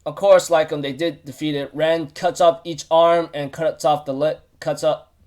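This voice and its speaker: A man with a fairly high voice recaps an episode in a loose, chatty way. He rambles, stumbles through restarts and fillers, and now and then breaks into excited outbursts. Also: normal speed. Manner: excitable bursts of enthusiasm. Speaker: YouTube recap host.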